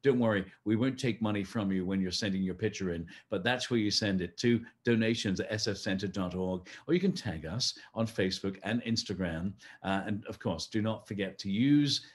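A man's voice: on the low side, fairly quick, hardly any pauses. A man hosting a live-streamed fundraising gala, friendly and chatty, talking the audience through donations with frequent fillers. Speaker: host.

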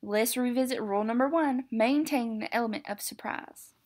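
A woman reads aloud from a picture book, voicing a strict but patient male monster teacher. She gives him a measured, formal, instructive tone, fairly high in pitch and a little mellow, lightly acted like a storybook classroom.

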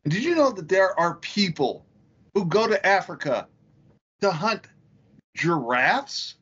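A man co-hosting a crude comedy podcast, telling profane stories with excitement. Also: sits high, a little slow, slightly rough. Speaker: podcast co-host. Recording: dull, slightly lo-fi sound.

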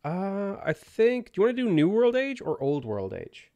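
A man streaming a game, casually greeting viewers by name and giving quick offhand answers to their questions. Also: sits high, very animated, mellow. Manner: greets chat viewers by name between game setup remarks. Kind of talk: casual live-stream chat.

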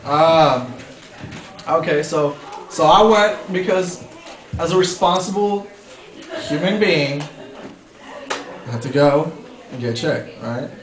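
A man tells a funny personal story in a loose, hesitant way, chuckling and filling gaps with "uh" and "like." His voice sits a bit high. He sounds some distance from the mic in a reverberant room, with a crowd murmuring around him. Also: expressive, slow, pauses often. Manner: rambling, chuckling, hesitant with many fillers. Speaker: vlogger telling a story. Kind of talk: casual comic storytelling.

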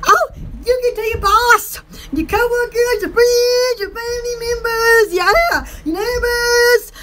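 Giggly high-voiced Southern woman. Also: steady tone, slow pace. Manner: giggly, rambling, exclaims often. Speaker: small shop owner promoting products. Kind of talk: casual home shopping chat.

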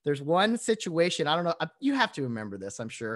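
A man's voice: high voice, big pitch swings, quick pace, fairly bright tone. A man hosting a podcast, talking casually with lots of fillers as he sets up his guest's story. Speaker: podcast host. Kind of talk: casual chat.

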